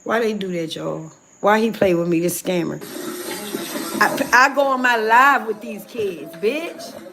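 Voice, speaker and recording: A woman's voice: mid-range voice, a little slow, background noise. A woman ranting on a livestream, furious and profane, venting at people she says scammed her. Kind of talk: angry livestream rant.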